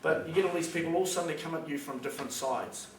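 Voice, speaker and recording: Speaking at a quick pace in a slightly high voice, a New Zealand man gives an emphatic, plain-spoken talk to a school hall audience, acting out phone calls along the way. Captured from a distance, the audio carries echo and background noise.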